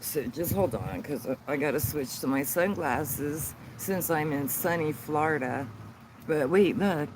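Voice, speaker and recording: Holding his phone outdoors in a sunny yard, a sobriety channel host chats on a casual livestream, rambling, halting, and fumbling with the settings. His voice sits a bit high and moves slowly, while passing cars and outdoor hum stay clearly audible in the low-quality phone stream with road noise.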